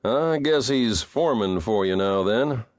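A man's voice: on the low side, lively intonation, a little slow, dry recording. A man doing a grave, guarded cowboy. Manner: grave, dry, understated. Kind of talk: audiobook character voice.

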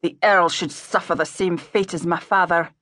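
A woman voicing a grieving young man who talks in a low, bitter, brooding way. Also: steady tone, normal speed, fairly bright tone, dry recording, clean studio sound, close to an everyday voice.

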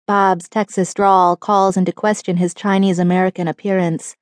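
A woman narrating a short story audiobook in an even, descriptive storytelling manner. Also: medium pitch, normal speed, few pauses, dry recording, clean studio sound. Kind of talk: scripted narration.

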